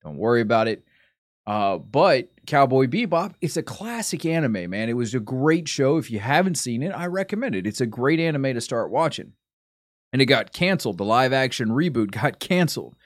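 A man's voice: mid-range voice, very animated, normal speed, no room sound, studio quality. A man streaming a casual chat, rambling and often sidetracked, interrupting himself as he talks.

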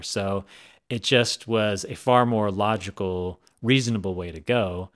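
A man with a fairly low voice tells his story in a relaxed interview. He rambles and restarts his sentences often, circling back before he finishes a thought. He stays animated and engaged throughout. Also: a little slow. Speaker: author guest.

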